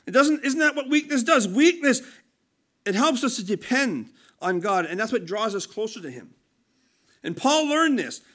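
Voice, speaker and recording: A man's voice: very high voice, very animated, moderate pace, a bit bright. A man preaching a conversational sermon, earnest and emphatic, often restarting his sentences.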